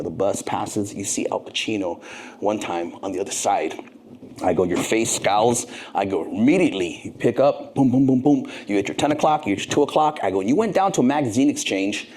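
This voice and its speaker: A middle-aged man, a podcast guest, telling a long story with lively, profane energy and acting out both sides of the dialogue. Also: lowish voice, slight background noise. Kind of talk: animated storytelling.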